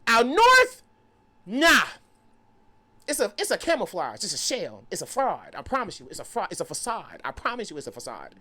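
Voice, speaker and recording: A young man, a podcast guest, telling a lively story and acting out the people in it. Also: on the high side, quick pace, hardly any pauses. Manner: lively, acts out quoted voices, laughs often. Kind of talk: animated storytelling.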